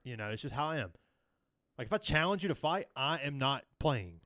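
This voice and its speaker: A man in a casual podcast chat, talking things through in a rambling, earnest way, full of filler words. His voice sits in a middle pitch. The recording is close and dry. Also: big pitch swings, fairly quick, a bit bright, dry recording. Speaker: podcast co-host.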